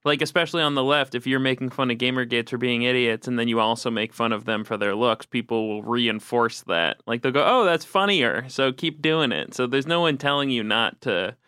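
A man's voice: mid-range voice, fairly even intonation, a little fast, few pauses, pushed and bright, clean tone, no echo, studio quality. A man in a casual panel discussion who laughs often and swears freely.

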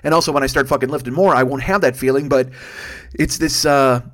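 A man's voice: medium pitch, steady tone, fairly quick, a bit bright. A man in his fifties hosting a podcast with a profane, self-deprecating, rambling comedic monologue. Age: 50s. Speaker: podcast host.

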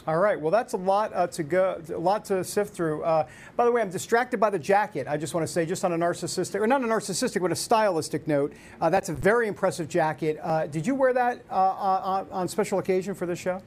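A man's voice: high-pitched, fairly quick, few pauses. A man hosting a talk show, jokey and playful, stumbling over his words. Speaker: show host. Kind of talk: casual chat.

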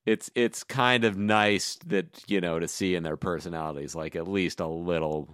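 A man's voice: deep voice, steady tone, moderate pace, a bit bright, clear, resonant tone, no room sound, clean studio sound. A man in his fifties co-hosting a podcast, chatting in a rambling, self-deprecating way. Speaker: podcast co-host. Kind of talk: casual chat.

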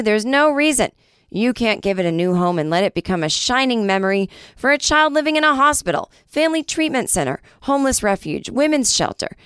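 A woman hosts a podcast in a casual monologue, her mid-range voice clean in tone, with no echo and clean studio sound. She's animated, joking and swearing, and a little short of breath.

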